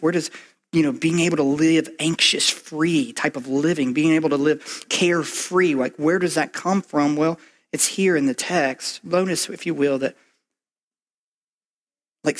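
A man preaches a sermon with a slightly high-pitched voice. He talks fast and loose, dropping in "like" and checking in with "right?" as he walks through the passage. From Kentucky. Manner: conversational, fast, lots of "like" and "right?". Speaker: pastor.

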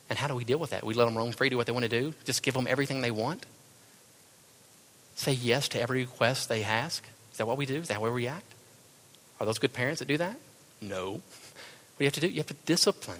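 Guy preaching a sermon, husky and bright, asks lots of questions then goes quiet and intense. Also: mid-range voice. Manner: emphatic rhetorical questions, dropping to hushed tones. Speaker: pastor.

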